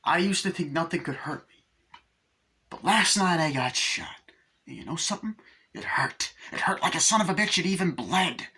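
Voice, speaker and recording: A man voicing a murderous, taunting male doll in a high, sneering voice. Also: animated, moderate pace, pushed and bright, husky, full character voice.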